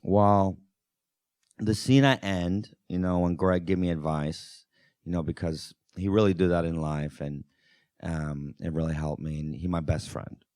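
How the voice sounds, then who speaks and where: A man putting on an eccentric middle-aged male filmmaker who speaks soft, halting broken English. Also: low-pitched, steady tone, no echo, clean studio sound. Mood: earnest.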